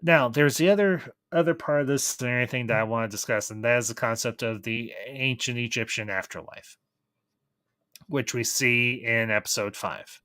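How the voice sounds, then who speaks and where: A man giving a casual, enthusiastic review of a TV series, pausing and restarting as he thinks aloud. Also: mid-range voice, fairly bright tone, clean tone, no echo. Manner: thoughtful, enthusiastic, with frequent restarts. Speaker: film reviewer.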